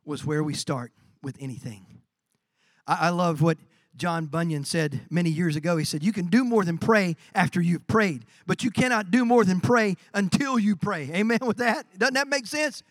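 A man preaching a sermon as pastor, animated, acting out quoted voices and swinging from quiet lines to shouts. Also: high voice, no room sound, clean studio sound. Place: church.

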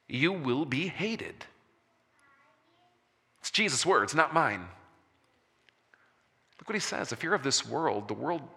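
A man preaching a sermon as a pastor, slowing for emphasis and dropping soft on key words. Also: on the high side. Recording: long reverb of a large hall.

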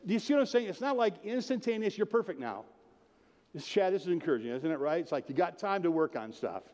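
Male pastor, slightly high voice, chatty sermon, long hall reverb. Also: expressive, fast talker, a little mellow. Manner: conversational, jokey preaching with asides to the congregation. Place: church.

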